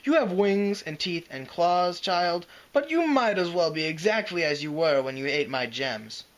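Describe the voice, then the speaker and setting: A man's voice: high voice, lively intonation, a little slow, voice pushed up, rough recording. Man doing a scornful snarling green dragon. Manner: mocking, snarling, growling.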